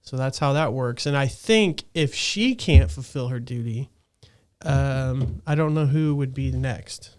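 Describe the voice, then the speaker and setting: A man, chatting casually as a podcast host. His voice is smooth and resonant, and he rambles from point to point with easy laughter. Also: medium pitch, measured pace, a little mellow.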